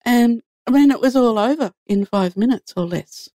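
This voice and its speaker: A woman's voice: fairly high pitch, normal speed, warm tone, dry recording, clean studio sound. A woman guest telling an earnest spiritual story in an easy conversational way. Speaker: guest sharing a faith story.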